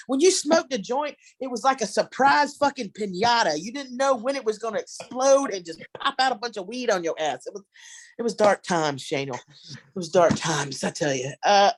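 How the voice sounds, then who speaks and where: A middle-aged woman headlines a stand-up set over a video call, her fairly high voice brash, profane and rambling. The audio is clean, with no echo.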